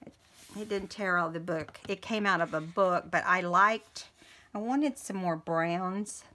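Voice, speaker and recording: Slow, chatty woman crafting. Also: lowish voice, pushed and bright. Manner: chatty, thinks aloud while working. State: keeps coughing and clearing throat. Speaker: crafting video host. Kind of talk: casual craft tutorial.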